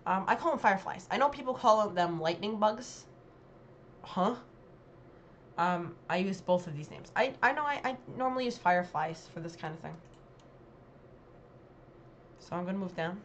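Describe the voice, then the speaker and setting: A woman's voice: mid-range voice, lively intonation, moderate pace, long pauses, a little hiss or hum. Chatty, hesitant woman vlogger. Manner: chatty and hesitant, with many ums and self-corrections. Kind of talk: casual commentary on a dialect quiz.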